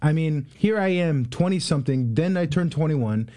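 A man in his twenties, a guest in a casual interview, telling stories in an animated way with many fillers. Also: on the high side, normal speed. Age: 20s. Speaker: guest, real estate investor.

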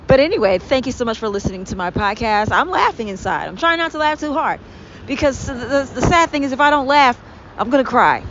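A woman with a fairly high voice rants with biting sarcasm and open exasperation, swearing freely. The recording sounds dull and lo-fi, with faint traffic noise in the background. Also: animated, brisk, a bit bright. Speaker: podcast host. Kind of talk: ranting monologue. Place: vehicle with traffic outside.

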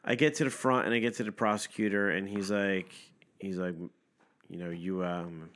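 A man's voice: sits low, moderate pace. A man co-hosting a podcast, telling stories in casual chat with a lot of swearing, often acting out the other people in them. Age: adult, parent. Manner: profane, animated storytelling with voiced impressions. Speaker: podcast co-host.

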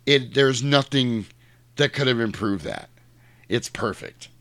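A man talks through film scenes in a loose, profane, animated way. He is close to the mic, with a dry sound and no room around it. His pitch sits in the middle for a man. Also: measured pace, no room sound. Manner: crude, animated retelling with shrill mock voices. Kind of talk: casual movie chat.

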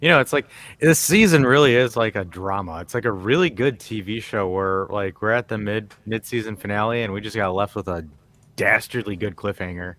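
A man's voice: lowish voice, brisk, a bit bright. A man co-hosting a casual podcast, joking and rambling with fillers like "you know" and "man". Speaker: podcast co-host.

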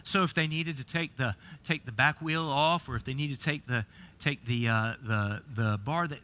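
Bright-voiced preacher, storytelling. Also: male voice, medium pitch, moderate pace. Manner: repeats and restarts words, storytelling. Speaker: pastor. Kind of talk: sermon.

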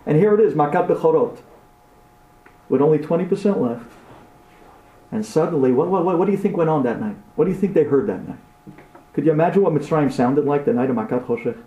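High, animated storytelling man, roomy echo. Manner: dramatic, acts out scenes, swings from loud to hushed. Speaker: speaker giving an inspirational talk. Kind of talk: impassioned storytelling talk.

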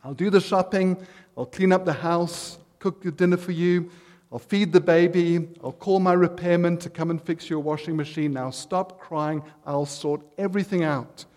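A man voicing a kind older mother calmly reassuring her daughter in a joke. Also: a little high, normal speed, natural voice. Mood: soothing. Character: kindly older mother, soothing and capable.

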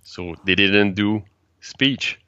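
A man from Quebec with a French-Canadian accent, a native French speaker being interviewed about the events he organizes, speaking halting English and searching for words. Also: fairly low pitch, sharp tone, clear, resonant tone, dry recording, lo-fi sound. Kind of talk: casual interview chat.

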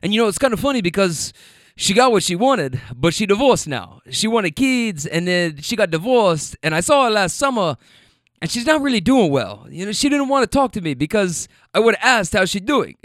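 A man's voice: high-pitched, very animated, normal speed, a bit bright, dry recording, clean studio sound, voice pushed up. A man voicing a single forty-year-old passenger with an imitated South American accent, repeating words and restarting sentences. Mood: candid. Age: 40s.

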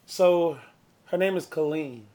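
A man with a fairly high voice hosting a casual podcast, leading the segments. He tells his stories in an animated, chatty way. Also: takes it slowly. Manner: animated storyteller, steers the show. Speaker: podcast host.

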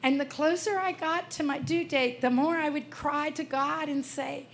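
A woman's voice: sits high, fairly even intonation, normal speed, a little hiss or hum. A woman in her sixties giving a heartfelt personal testimony at a Christian festival, telling her story earnestly. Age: 60s.

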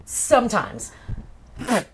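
A woman's voice: slow pace, a bit bright, a little hiss or hum. A woman in casual chat, retelling a story and acting out the characters in quoted voices. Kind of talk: casual podcast chat recapping a novel.

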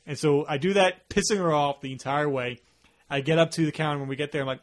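A man hosting a casual podcast, telling stories with energy and slipping into quick impressions. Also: fairly high pitch. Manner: animated storyteller, slips into impressions. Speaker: podcast host. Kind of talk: casual chat.

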